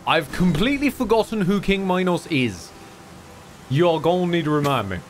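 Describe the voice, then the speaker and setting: A man's voice: high-pitched, lively intonation, moderate pace, slight background noise. A young man joking and laughing while playing a co-op game, casual and a little crude. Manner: jokey, laughing, casual swearing. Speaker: streamer. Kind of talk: casual co-op gameplay chat.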